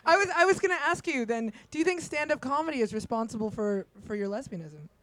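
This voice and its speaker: A woman's voice: on the high side, animated, quick pace, fairly bright tone. A woman interviewing a comedian on stage, asking teasing questions with a giggle. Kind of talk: comic chat interview on stage.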